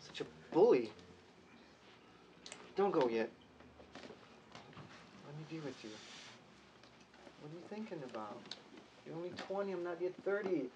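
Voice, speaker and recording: An actor playing a lovesick young officer under thirty, speaking earnestly and pleadingly. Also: male voice, on the high side, lively intonation, unhurried, long pauses, muffled recording. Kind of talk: stage drama acting. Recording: distant mic with noise.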